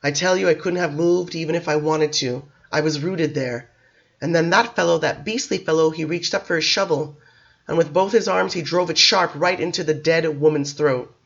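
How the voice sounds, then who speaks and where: A man's voice: a little high, moderate pace, vocal fry, a bit bright, dull audio. A man voicing a distraught, drunk Englishman who pleads and talks emphatically, in a storybook reading. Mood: desperate. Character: distraught Englishman, middle-aged, drunk and desperate.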